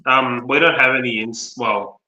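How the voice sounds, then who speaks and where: A man's voice: medium pitch, normal speed, pushed and bright. A man from Australia with an Australian accent, chatting casually on a livestream with lots of ums. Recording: echoey room.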